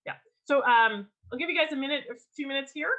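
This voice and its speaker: A woman leading an online writing workshop over a video call, teaching in a lively, enthusiastic way with frequent ums and restarts. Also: high voice, fast talker, rough recording. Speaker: workshop leader.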